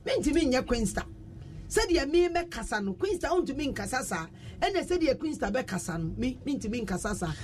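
Ghanaian radio host, lively studio banter, reads listener messages, repetitive, low background noise. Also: moderate pace. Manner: animated, repeats words many times.

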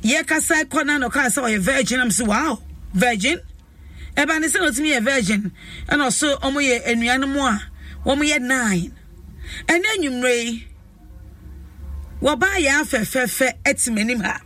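A woman's voice: sits high, pushed and bright, dry recording, far from the mic. Effusive Ghanaian woman hosting a talk show. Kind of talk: lively talk show chat. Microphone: studio microphone.

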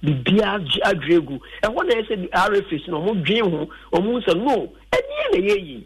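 Emphatic Ghanaian man with a husky voice. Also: sits high, lively intonation, normal speed, rough recording. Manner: emphatic, mixing local language into English. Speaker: football pundit on radio. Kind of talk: radio sports talk.

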